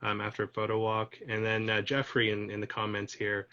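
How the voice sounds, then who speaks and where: Man from Canada, podcast host, chatty storyteller, low pitch, dull lo-fi recording. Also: monotone, a little fast, sharp tone. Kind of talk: casual conversation. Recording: dull lo-fi audio.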